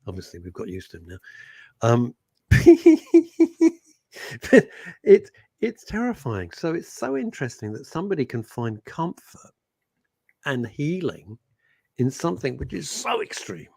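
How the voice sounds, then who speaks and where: A man's voice: medium pitch, sing-song, normal speed, creaky, darkish tone, breathy edge, no echo. A man co-hosting a radio show, teasing and exclamatory in casual studio chat. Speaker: radio co-host.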